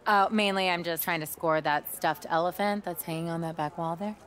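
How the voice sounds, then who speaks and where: A woman voicing a teasing young woman, lowish. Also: fairly even intonation, a little fast, a bit bright, natural voice. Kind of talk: video game voice acting.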